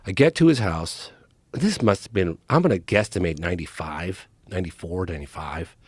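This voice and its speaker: A man telling a story on a podcast in an excited, animated way, with quoted lines in his telling. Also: deep voice, brisk, husky, no room sound. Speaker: podcast guest. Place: podcast studio. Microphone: studio mic, close.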